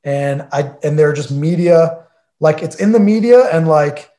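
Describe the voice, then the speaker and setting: A man's voice: on the high side, measured pace, dark tone. A man in his forties, an interview guest, telling a story in a chatty way with many fillers and acted-out conversations. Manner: chatty, filler-heavy, acts out quoted conversations. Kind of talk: casual anecdotal storytelling.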